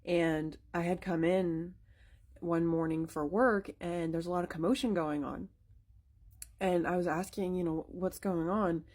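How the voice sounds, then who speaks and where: A woman's voice: lowish voice, steady tone, measured pace, darkish tone. A young woman casually telling a spooky personal story, chatty, with many fillers and restarts.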